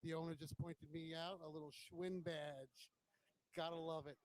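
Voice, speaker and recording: A man's voice: on the high side, level tone, normal speed, dry recording, low-quality recording. A man hosting a motorcycle vlog, walking around a bike show with a handheld camera and giving casual, admiring commentary on each bike, now and then swearing bluntly. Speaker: motovlog host.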